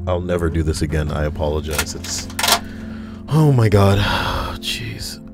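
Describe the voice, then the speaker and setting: A man's voice: sits low, lively intonation, measured pace. A man reading stories aloud for a video, with swearing and chatty side comments into a desk microphone. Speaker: online video host. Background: soft background music.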